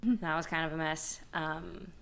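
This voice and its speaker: Low, gravelly young woman chatting. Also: measured pace. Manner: offhand and candid, casual swearing. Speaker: guest in a group chat. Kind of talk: casual chat.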